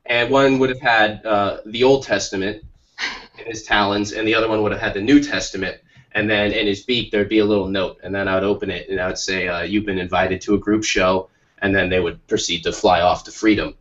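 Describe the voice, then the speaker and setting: A podcast co-host tells a rambling, jokey story full of restarts, his fairly low voice steady, brisk and a little bright. The stream audio is muffled and lo-fi.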